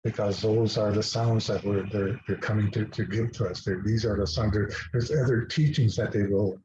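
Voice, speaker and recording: A man speaking as a guest, telling a personal story in a halting way with many restarts and fillers. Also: fairly low pitch, fairly even intonation, background noise. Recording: dull lo-fi recording.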